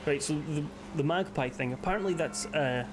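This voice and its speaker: A man's voice: on the high side, moderate pace, music in the background. A man streaming a game live, chatting casually, rambling and swearing between jokes. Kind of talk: casual chat while gaming.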